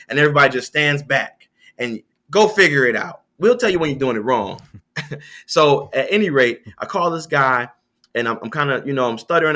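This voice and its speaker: A man talking as an interview guest, telling sales stories in a lively, conversational way. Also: mid-range voice. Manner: storytelling, animated, with quoted voices.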